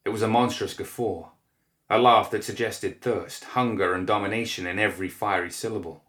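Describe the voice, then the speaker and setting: A man narrating a dark fantasy story in a measured, grave manner, recorded in an echoey room. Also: on the low side, steady tone.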